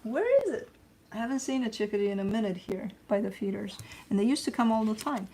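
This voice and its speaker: A woman's voice: medium pitch, quick pace, warm tone, slight background noise. A woman hosting a casual spoken tarot reading. She talks in a loose, chatty way with slang and the odd curse, and repeats herself when she coaches and reassures. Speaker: tarot reader hosting her channel.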